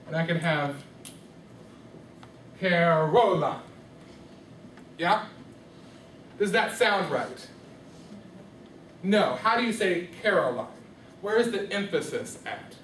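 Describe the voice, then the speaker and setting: A man whose voice sits high and sounds fairly bright teaches rhythm unhurriedly, with lively intonation and frequent pauses. The music teacher questions his students and checks often that they follow, recorded from far off in an echoey classroom with slight background noise.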